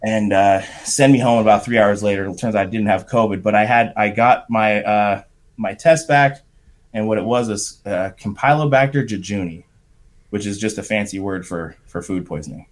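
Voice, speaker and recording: A middle-aged man, a podcast guest, telling a profane, animated story in casual talk. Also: on the low side, moderate pace. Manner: profane, animated anecdote with shouted quotes.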